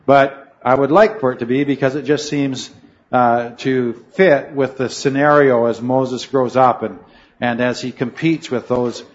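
A man's voice: medium pitch, fairly even intonation, measured pace, highs cut off. Man teaching a Bible class, rambling. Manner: rambling, self-correcting, asks the class questions. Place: room with a noisy fan.

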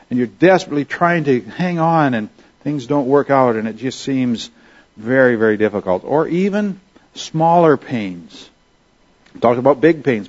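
A man's voice: medium pitch, darkish tone, husky, highs cut off. A man preaching a sermon in an earnest, conversational way, asking rhetorical questions of his listeners. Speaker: pastor.

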